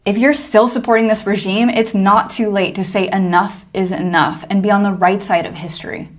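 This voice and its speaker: A woman's voice: medium pitch, steady tone, fairly quick. Woman doing a serious news commentary video, reads quotes out. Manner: earnest, reads quotes aloud. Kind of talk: scripted commentary.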